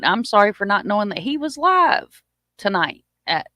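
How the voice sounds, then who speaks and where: A woman's voice: mid-range voice, big pitch swings, moderate pace, sharp tone, dry recording. Woman, livestream host, folksy and joking, dry close mic. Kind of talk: casual live chat.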